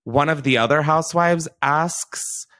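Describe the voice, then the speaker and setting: A man's voice: a little high, a little slow, pushed and bright. A young man hosting a podcast, chatting casually in a rambling way and laughing often. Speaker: podcast host. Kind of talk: casual chat.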